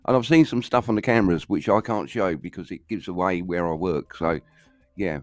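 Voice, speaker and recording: A man's voice: low voice, a little fast, darkish tone, no room sound, faint music behind. A man chatting as a guest, speaking hesitantly and earnestly. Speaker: regular guest on call. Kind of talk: casual chat.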